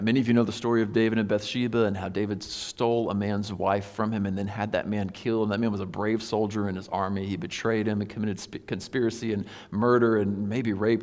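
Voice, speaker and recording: Guy preaching in church, kinda low voice, patient and earnest, lots of "right?", big echoey hall. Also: a little mellow. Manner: earnest, patient, explanatory, with rhetorical questions. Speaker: pastor. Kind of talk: sermon. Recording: long hall reverb.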